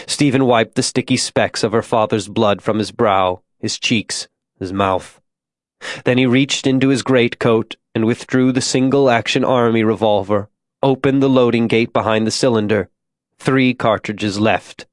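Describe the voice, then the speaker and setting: Man, audiobook narration, measured, grave, dry close sound. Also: medium pitch, no echo.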